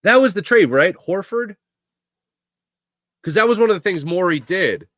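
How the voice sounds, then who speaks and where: Bright-voiced Philly sports host. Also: male voice, high voice, expressive, moderate pace, dry recording, clean studio sound. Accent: Philadelphia. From Philadelphia area, USA. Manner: rambling, self-correcting storyteller. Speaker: sports talk show host. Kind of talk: casual chat, answering live chat.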